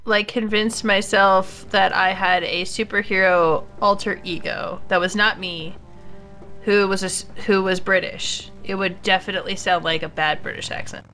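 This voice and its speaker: A woman co-hosting a game commentary show, making playful deadpan jokes. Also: mid-range voice, normal speed, faint music behind. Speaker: podcast co-host. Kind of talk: let's play commentary.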